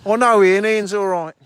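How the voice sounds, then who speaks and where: By a fishing lake, a man from England runs a relaxed livestream, bluntly rambling and talking with his audience as he reads their comments aloud. His voice is high, smooth, and a little bright.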